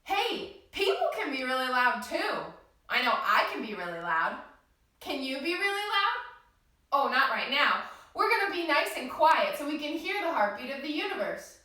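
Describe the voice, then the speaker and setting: A woman guides small children through yoga with a cheerful, sing-song voice that lifts high and swoops low. Her tone is bright and clear, and she speaks slowly and deliberately, as if to toddlers. She is recorded from some distance in a very echoey room. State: out of breath after dancing. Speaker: kids yoga teacher.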